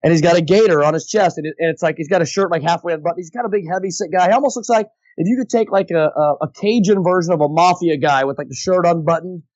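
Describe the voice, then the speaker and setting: A man, a voice actor guest, telling an animated, chatty story in a podcast interview. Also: sits high, fast talker, hardly any pauses, no echo, highs cut off. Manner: animated, chatty, slips into impressions.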